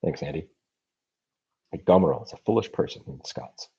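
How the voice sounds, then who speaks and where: An animated American man with a very deep, dark, slightly husky voice hosts a language-learning channel and answers viewer questions live from home. He thinks out loud, halting often with ums and restarts. His computer mic leaves the stream sounding dull and muffled.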